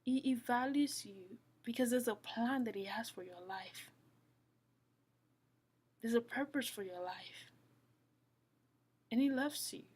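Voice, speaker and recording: A woman giving a heartfelt devotional talk, earnest and repetitive, often falling to a soft whisper. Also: a little high, takes it slowly, pauses often, slightly rough. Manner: earnest, repeats phrases, drops to soft whispers. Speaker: Christian speaker.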